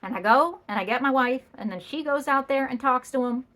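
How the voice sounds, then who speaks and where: A woman's voice: high-pitched, a little fast, fairly bright tone. A young adult woman telling a funny story with sassy punchlines and exaggerated asides. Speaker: comedian. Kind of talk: comedic storytelling.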